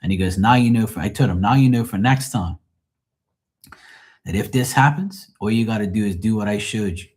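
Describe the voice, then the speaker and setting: A man's voice: fairly low pitch, a little fast, breathy edge. A man hosting a livestream, telling everyday stories in a rambling, profane, casual way. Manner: profane, rambling, animated when quoting others. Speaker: livestream host. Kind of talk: casual storytelling chat.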